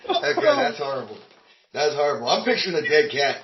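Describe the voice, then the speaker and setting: A man's voice: on the high side, huge pitch swings, a little fast. A man guesting on a casual podcast, teasing the others and cutting in over a video call. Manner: laughs a lot, teasing interjections. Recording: muffled video call with background noise.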